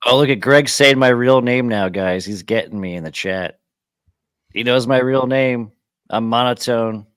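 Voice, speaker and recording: A man's voice: mid-range voice, a little slow, a bit bright, smooth, dry recording. A man on a casual podcast chat, self-mocking and playfully sarcastic. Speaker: podcast guest.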